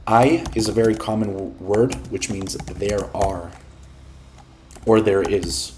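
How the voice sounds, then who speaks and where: A man teaching beginner Spanish in English, patiently explaining words and grammar with the odd filler and throat clearing. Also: fairly low pitch, steady tone, slow, warm tone, slight background noise. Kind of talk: explaining a listening exercise.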